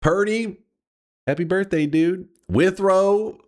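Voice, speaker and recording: A man streaming a game, talking casually in an animated, mock-dramatic way and swearing often. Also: high voice, slow. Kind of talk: casual livestream commentary.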